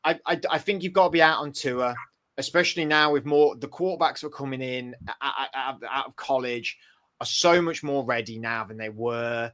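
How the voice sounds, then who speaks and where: Man with a bright, rambling delivery. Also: medium pitch, fairly quick. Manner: rambling, thinks aloud with restarts. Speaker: podcast co-host. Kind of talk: casual chat.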